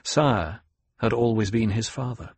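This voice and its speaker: Male audiobook narrator, low husky voice, dry close sound, measured reading. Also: dry recording. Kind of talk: scripted narration.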